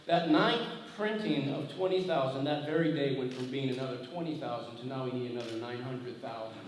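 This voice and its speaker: A middle-aged man, an author on a festival panel, telling animated, self-mocking stories with salty language and frequent laughter. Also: mid-range voice, brisk. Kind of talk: anecdotal storytelling on stage. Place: large hall at a festival. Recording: echoey hall, far-off mic, noisy.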